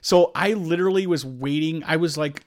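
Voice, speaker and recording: A man's voice: on the high side, normal speed. A man in his thirties co-hosting a podcast, chatting casually and acting out his own quotes with a raised voice. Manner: animated storyteller, acts out quotes loudly. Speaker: podcast co-host. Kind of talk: casual chat.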